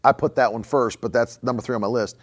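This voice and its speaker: A man's voice: mid-range voice, quick pace. A man preaching a conversational sermon as a pastor. He repeats phrases for emphasis and chuckles often.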